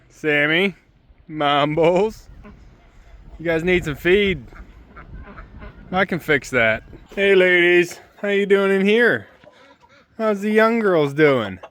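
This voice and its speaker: A man's voice: fairly high pitch, fairly bright tone. A man doing farm chores on his homestead, talking casually to the camera and fondly to his chickens and ducks. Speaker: homesteader vlogger. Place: outdoors on a homestead with poultry.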